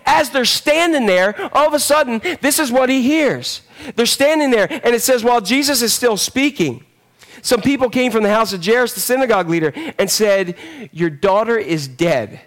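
Preaching at a normal speed, this animated middle-aged pastor has a high, lively voice. His sermon alternates between booming stretches and quiet ones, and he addresses the congregation directly as he goes.

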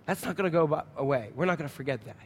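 A man's voice: fairly high pitch, expressive, racing, slight background noise. A man preaching a sermon, telling a story and acting out the sounds and his own inner thoughts, often asking the congregation questions. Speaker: pastor. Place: church sanctuary. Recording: church hall reverb.

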